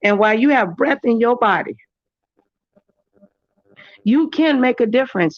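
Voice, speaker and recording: A woman's voice: unhurried, pauses often, no room sound, dull audio. A woman hosting her own livestream, telling stories in casual chat and jumping into other voices for quotes. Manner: animated storytelling, jumps into high voices for quotes. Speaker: livestream host.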